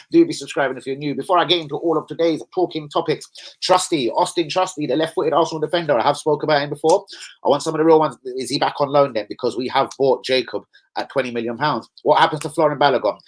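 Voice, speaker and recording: A man chatting excitably as a football fan vlogger, full of slang and swearing. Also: medium pitch, low-quality recording. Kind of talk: casual fan chat.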